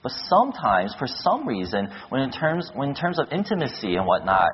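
A man preaching a sermon, telling stories with lively acted-out quotes. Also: mid-range voice, brisk, few pauses, a little hiss or hum. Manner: animated storytelling with acted-out quotes. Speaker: pastor. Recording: dull echoey hall, lo-fi.

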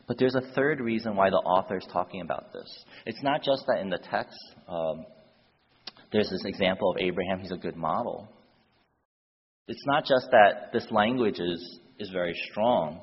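A man's voice: low voice, moderate pace, slightly rough. A man preaching a sermon, telling a story and then building to urgent appeals to his listeners. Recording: dull echoey hall.

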